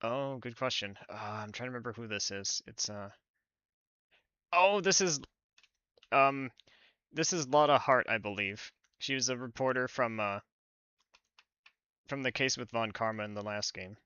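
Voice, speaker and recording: A man streaming a story game, reading the text aloud and chatting in a soft, hesitant way. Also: medium pitch, moderate pace, long pauses, clear, resonant tone, no echo, dull audio. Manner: soft-spoken, hesitant, lots of fillers. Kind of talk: casual game commentary and reading. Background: game music.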